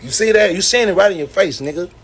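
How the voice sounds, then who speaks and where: A man's voice: sits high, lively intonation, fast, fairly bright tone, husky. A man ranting and boasting in a brash, profane way on a phone livestream. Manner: brash, swaggering, preachy.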